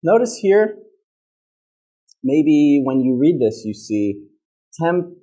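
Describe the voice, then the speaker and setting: Slow, mellow Midwestern American teacher. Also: male voice, a little high, sing-song, poor audio. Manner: patient, checks in with "okay?" constantly; demonstrates sounds by modeling words aloud. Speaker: pronunciation teacher. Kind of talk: classroom lesson.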